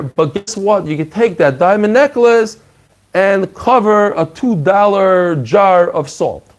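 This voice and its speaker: A man giving a lively Talmud class, acting out the dialogue and mixing in Hebrew and Aramaic terms. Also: sits high. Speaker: Talmud teacher.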